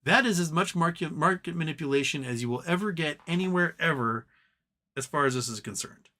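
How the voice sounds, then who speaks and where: Man, live stream host, ranting, animated, mocks voices, slightly high pitch. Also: fairly quick. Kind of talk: casual live stream commentary.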